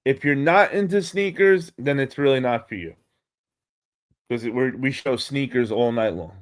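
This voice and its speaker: A man with a New York accent hosting a casual live stream, excitable and swearing freely as he greets viewers. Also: medium pitch, moderate pace.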